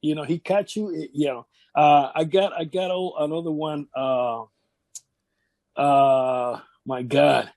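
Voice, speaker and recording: Guy in his 50s, broken english, laughing through old stories, warm low-key tone, dry mic. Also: slow pace, creaky, no echo. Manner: animated anecdotes, non-native English grammar. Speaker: interview guest, former wrestler. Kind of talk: shoot interview storytelling.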